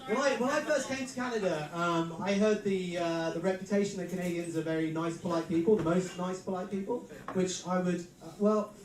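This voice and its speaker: A man's voice: high voice, a little fast, few pauses. An English man in his thirties hosting a live stand-up comedy show, telling dry, self-mocking stories and laughing as he goes. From England. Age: 30s. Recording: roomy live venue mic from a distance. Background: audience crowd reactions.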